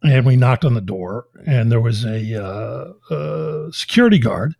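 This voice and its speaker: Dry, husky-voiced man telling a story. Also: mid-range voice, a little slow, dry recording. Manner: animated storyteller, laughs often, acts out quoted voices. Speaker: podcast co-host. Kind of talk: casual storytelling chat.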